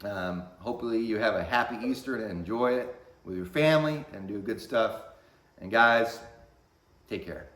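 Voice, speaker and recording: A man in his forties, a vlogger telling a story in a casual, animated way, often rising loud and high in excitement, talking from his workshop. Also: normal speed, slight background noise. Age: 40s. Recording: echoey workshop room.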